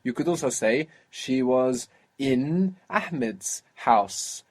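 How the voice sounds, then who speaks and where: A man's voice: mid-range voice, unhurried, a little mellow. A man teaching a language lesson, patiently modelling and repeating each phrase for his student.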